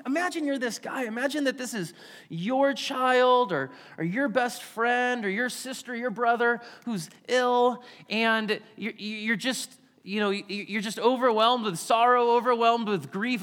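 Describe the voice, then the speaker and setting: Bright-voiced animated preacher man. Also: very high voice. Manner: animated, acts out quotes in varied voices. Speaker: pastor. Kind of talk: sermon. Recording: long hall reverb.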